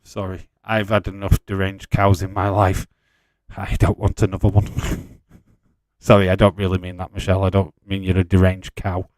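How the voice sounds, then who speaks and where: A man's voice: sits low, completely flat delivery, moderate pace, a little mellow, dry recording. Chatty man hosting a live watch-along. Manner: chatty, teasing, swears freely. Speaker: watch-along host reading viewer chat. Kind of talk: casual live commentary and chat.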